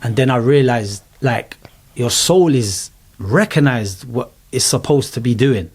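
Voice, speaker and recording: A man's voice: mid-range voice, unhurried, slightly rough. A middle-aged man, animatedly telling his personal story as an interview guest in casual chat. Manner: animated storyteller, London slang.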